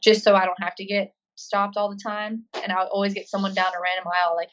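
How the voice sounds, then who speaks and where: A woman's voice: mid-range voice, fairly even intonation, fairly quick, fairly bright tone. Chatty woman on a dull remote line. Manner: chatty, lots of ums and likes. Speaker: guest, Marine and CrossFit coach. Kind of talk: casual interview answers. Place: living in Australia.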